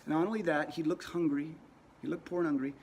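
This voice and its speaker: A man's voice: fairly high pitch, fairly even intonation, a little fast, darkish tone, a little hiss or hum. A man teaching a lesson in a casual, conversational way, often repeating words as he tells a story. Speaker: religious teacher.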